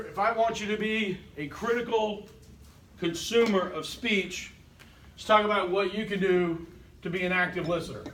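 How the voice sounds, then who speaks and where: A man's voice: sits high, fairly bright tone, slight background noise. A man teaching a college class in a casual, conversational lecture, often checking in with "okay?" and acting out what listeners might be thinking. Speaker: college instructor.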